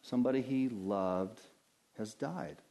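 A man preaching a sermon in an earnest, preacherly way, dropping to hushed lows and rising to loud impassioned highs. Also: unhurried, vocal fry. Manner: earnest, preacherly, addresses listeners as beloved.

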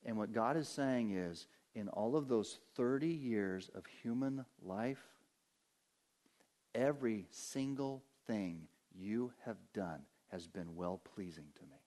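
A man preaching a sermon as pastor, rising to emphatic peaks and dropping to hushed, low passages. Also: slow.

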